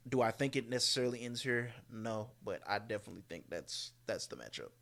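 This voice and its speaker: A man's voice: fairly low pitch, lively intonation, fairly quick, gravelly, a bit bright. A man co-hosting a podcast, giving casual wrestling predictions with hesitant fillers and joking asides. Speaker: podcast co-host.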